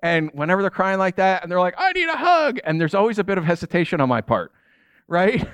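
A man's voice: sits high, quick pace, smooth, no room sound. Man preaching a casual, jokey sermon. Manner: conversational and jokey, asks the audience questions. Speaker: pastor.

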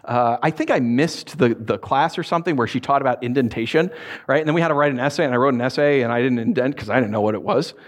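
A man preaching a sermon, reading scripture and telling stories with lively, acted-out voices. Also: mid-range voice, quick pace. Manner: animated storytelling with acted-out voices.

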